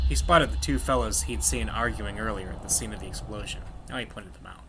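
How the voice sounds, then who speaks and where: A man reading a visual novel aloud in plain, steady narration. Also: on the low side, brisk, few pauses, background noise. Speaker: reader of a game's text.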